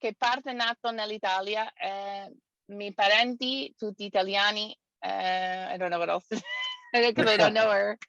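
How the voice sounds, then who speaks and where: A woman's voice: mid-range voice, steady tone, normal speed, a bit bright, no room sound. A woman joining an online talk show as a participant, chatty and a bit hesitant, with many restarts. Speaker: participant, caregiver. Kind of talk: casual video-call chat. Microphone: video call audio. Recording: dry lo-fi video call audio.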